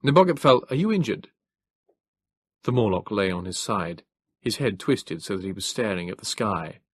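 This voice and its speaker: Low, husky male audiobook narrator. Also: no room sound. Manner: measured, formal storytelling.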